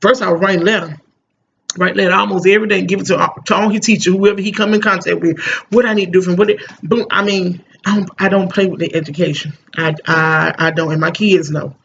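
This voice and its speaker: Emphatic gravelly-voiced mother vlogging. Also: on the low side, steady tone, quick pace, a bit bright, lo-fi sound, a little hiss or hum. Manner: emphatic, rambling, repeats "you know what I'm saying". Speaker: parent vlogger. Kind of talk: casual chat to camera.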